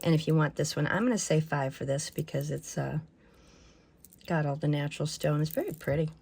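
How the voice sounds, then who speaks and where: Wearing a personal microphone, a woman runs her own jewelry channel, gushing casually over every piece and making self-deprecating jokes in a show-and-tell chat. She speaks fairly quickly in a deep, creaky voice that's darkish in tone and slightly rough.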